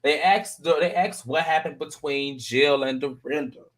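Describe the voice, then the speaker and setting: Man, panel host, casual chat, animated, fairly high voice. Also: unhurried. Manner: animated, acts out quotes with high voice jumps. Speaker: podcast panel host recapping a reality show.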